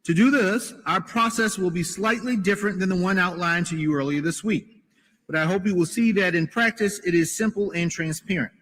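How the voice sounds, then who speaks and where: A man reading a prepared procedural statement as a party official, formal with some halting restarts. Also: high-pitched, fairly bright tone. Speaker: party official announcing election rules. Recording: clip with long hall reverb.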